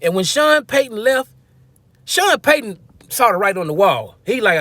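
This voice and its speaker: High-voiced joking man ranting about football. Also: normal speed, no echo. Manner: animated and joking, slangy, acts out quotes. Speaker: sports fan commentator. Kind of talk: casual opinion rant.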